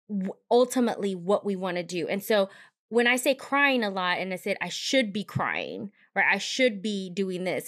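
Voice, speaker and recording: A woman co-hosting a podcast, talking in a casual, candid and reflective way, with frequent restarts. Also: mid-range voice. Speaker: podcast co-host.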